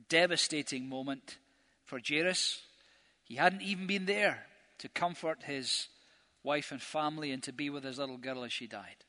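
A man's voice: fairly high pitch, sharp tone. A man giving an earnest, vivid Bible talk as a preacher, telling the story with emphasis. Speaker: preacher teaching a Bible course. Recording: long reverb of a large hall.

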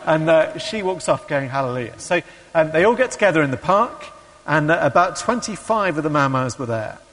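A man's voice: a little high, expressive, normal speed, a bit bright. Man preaching in a reverberant hall. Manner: hesitant with many ums, acts out quoted voices. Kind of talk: sermon with read-aloud story.

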